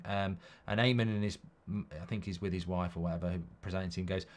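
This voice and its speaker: A man hosting a football watchalong stream. He chats casually, reads viewer comments aloud and rambles through stories in a blunt way, swinging between loud outbursts and low mutters. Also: fairly even intonation, fairly quick. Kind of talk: live-stream casual chat.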